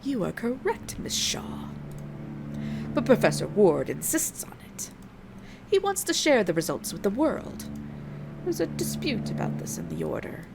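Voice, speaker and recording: A woman reading a polite Victorian gentleman. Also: medium pitch, huge pitch swings, creaky, noisy background, exaggerated voice. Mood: earnest. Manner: reading game dialogue aloud, measured. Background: game music.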